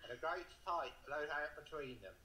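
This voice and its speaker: A man playing a rambling, self-important crank who delivers a deadpan comic monologue in an earnest, droning way. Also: on the high side, moderate pace, a little hiss or hum. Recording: roomy archive recording with audience laughter.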